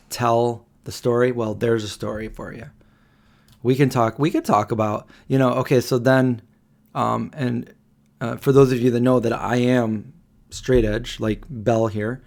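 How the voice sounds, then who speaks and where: A man's voice: fairly low pitch, darkish tone. A man in his forties hosting a live Q&A stream, telling a story in a rambling way with many fillers and restarts. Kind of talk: casual storytelling.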